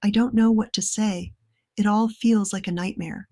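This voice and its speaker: A woman voicing a young woman who is tired and shaken, speaking quietly with a touch of wry humor. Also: mid-range voice, steady tone, normal speed, no room sound, clean studio sound, close to an everyday voice. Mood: earnest.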